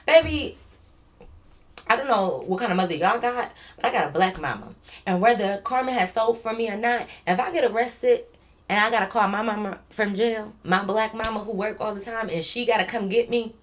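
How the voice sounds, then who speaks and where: A young woman tells a storytime on her vlog in loose, slangy talk with some swearing. She is animated, and her voice sits in a middle pitch. She keeps acting out the people in her story as she goes. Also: fairly quick, slight background noise. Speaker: vlogger.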